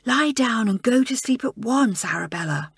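A prim, bossy storybook schoolgirl who hisses orders with stern authority, as a woman narrator puts her on. The voice sits a little higher, with a husky, close and dry sound. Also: animated, normal speed, no room sound, heavily acted. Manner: stern, hissing, officious.

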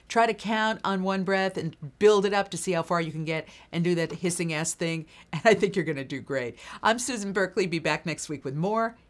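A woman voiceover coach giving brisk, practical tips in an instructional video blog. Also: lowish voice.

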